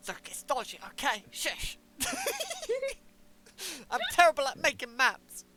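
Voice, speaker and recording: Bright-voiced woman game master. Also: high-pitched, animated, low-quality recording. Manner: halting, self-correcting, joking. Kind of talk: narrating a tabletop game.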